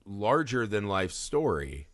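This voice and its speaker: Male co-host, lively and bright, dry close sound, swears a lot. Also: fairly low pitch, slow, no echo. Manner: animated, swears freely, acts out movie lines while laughing. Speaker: podcast co-host. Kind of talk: casual film discussion.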